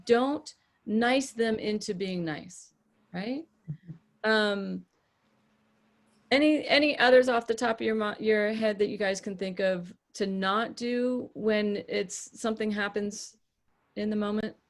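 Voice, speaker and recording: A woman coaching a small group on a podcast, plain and direct. She speaks at a middle pitch in a firm, matter-of-fact way. She often acts out short examples as she goes. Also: unhurried. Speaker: podcast host and relationship coach.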